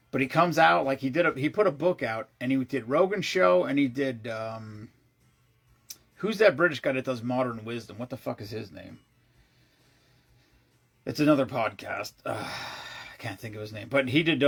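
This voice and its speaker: A man vlogging, telling a long rambling story in a casual, excitable way, swearing freely and often restarting his sentences. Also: medium pitch, gravelly, breathy edge.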